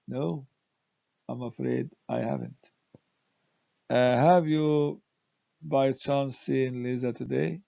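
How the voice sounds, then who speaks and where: A man teaching a grammar lesson, speaking haltingly with many "uh" fillers as he reads example sentences aloud. The recording is dull, lo-fi and dry. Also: medium pitch, big pitch swings, gravelly, mellow, no room sound. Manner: slow, halting delivery with frequent "uh" fillers.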